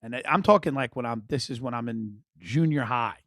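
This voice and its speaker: A man's voice: medium pitch, fairly quick, no room sound. Wry rambling male storyteller, dry sound. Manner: rambling, wry, animated, with restarts and laughs. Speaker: podcast host. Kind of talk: comic storytelling monologue.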